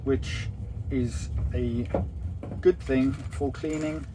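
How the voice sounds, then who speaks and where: A man calmly explaining engine parts in a casual, practical way aboard a narrowboat. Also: mid-range voice, very slow, noisy background. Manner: matter-of-fact, practical. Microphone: phone camera.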